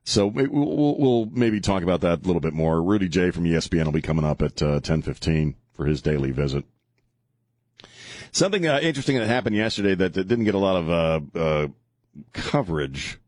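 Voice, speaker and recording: A man's voice: deep voice, sing-song, a little fast, darkish tone, no echo. A man hosting a talk radio show, rambling and joking in a casual on-air chat, often chuckling as he talks. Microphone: studio broadcast mic.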